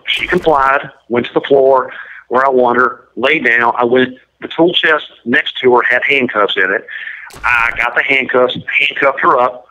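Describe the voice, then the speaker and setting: A man's voice: medium pitch, unhurried, sharp tone. A man giving an interview and telling a story in a blunt, matter-of-fact, detailed way. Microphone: prison phone line. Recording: muffled lo-fi line.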